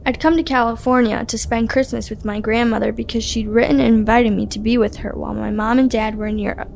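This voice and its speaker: A young woman reading a spooky story aloud in a hushed, suspenseful way. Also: on the high side, level tone, fast talker, creaky, a little hiss or hum. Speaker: student narrator.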